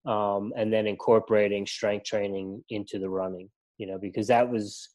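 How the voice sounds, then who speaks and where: A man's voice: fairly low pitch, little pitch movement, normal speed, darkish tone. A middle-aged man talking casually as a podcast guest, rambling with lots of fillers and restarts. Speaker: ultramarathon runner and coach, guest.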